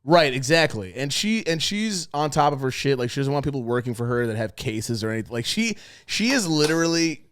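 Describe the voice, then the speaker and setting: A man's voice: mid-range voice, a little fast, clear, resonant tone. A man hosting a podcast in casual chat, ranting and swearing freely. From New York suburbs. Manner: profane, ranting, animated. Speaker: podcast host.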